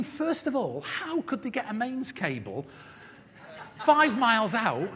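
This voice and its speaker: A man preaching a sermon as pastor, animated, acting out voices, with jokey asides. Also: very high voice, a little hiss or hum. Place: church. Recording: church hall with long reverb.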